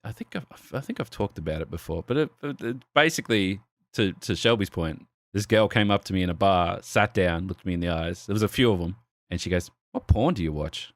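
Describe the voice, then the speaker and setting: A man's voice: sits low, fairly quick, fairly bright tone, no room sound, studio quality. A young man co-hosting a podcast, telling a bar story with lots of swearing and laughter and putting on the voices of the people in it. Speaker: podcast co-host. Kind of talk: casual podcast chat, storytelling. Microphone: desk microphone with arm.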